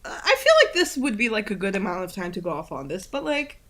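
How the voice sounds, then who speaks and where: A woman's voice: medium pitch, very animated, a little fast. A woman co-hosting a podcast in casual chat, talking freely with lots of fillers and swearing. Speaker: podcast co-host. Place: home in Italy.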